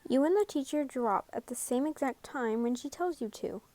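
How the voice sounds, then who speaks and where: A woman's voice: high-pitched, animated, normal speed, mellow, no room sound. Young woman, casual fan story narrator, chatty and self-deprecating. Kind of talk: casual second-person story reading. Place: bedroom.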